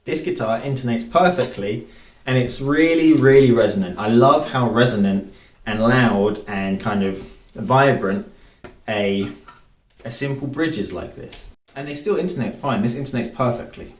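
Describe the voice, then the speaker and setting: A man's voice: medium pitch, normal speed, reverberant, far from the mic. A man reviewing a guitar part, talking with enthusiasm and doubling words for emphasis. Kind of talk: product review talk to camera.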